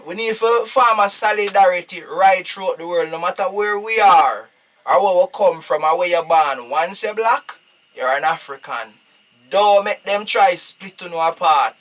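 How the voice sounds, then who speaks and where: A Jamaican man with a high, light voice talking on a live stream. He preaches in an emphatic way and keeps repeating his phrases. He sits a bit back from the mic. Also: fairly bright tone, distant mic. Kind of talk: casual live-stream talk.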